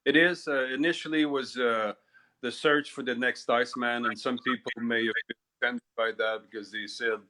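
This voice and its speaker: A man from Canada answering as a guest in a live video chat, modest and halting with many fillers. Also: mid-range voice, steady tone, sharp tone. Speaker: guest, retired kickboxing champion. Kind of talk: casual interview answers.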